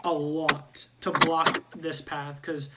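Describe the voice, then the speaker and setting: A woman running a tabletop game as dungeon master, speaking in halting bursts with frequent restarts. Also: low-pitched, level tone, heavy background noise. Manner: halting, restarts often with filler likes.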